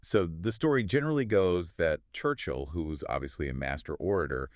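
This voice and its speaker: A man with a very deep voice co-hosting a podcast and explaining things in a measured, wry way. He is recorded close and dry, with no room around him. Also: animated, no room sound. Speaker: podcast co-host. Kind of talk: scripted conversational podcast.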